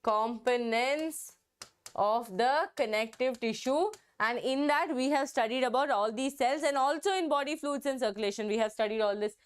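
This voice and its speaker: High, smooth-voiced woman teaching biology. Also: normal speed. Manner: coaxing, repeats key words to stress them. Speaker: online exam-prep teacher. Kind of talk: live online biology class.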